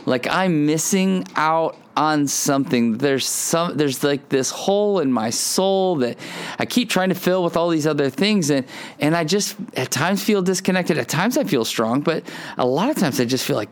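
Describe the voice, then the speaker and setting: A man preaching a conversational sermon, telling a family story and talking straight to his listeners with earnest, casual phrasing that jumps into sudden high, excited bursts. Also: moderate pace. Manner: casual fillers and restarts, addresses listeners directly. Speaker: pastor.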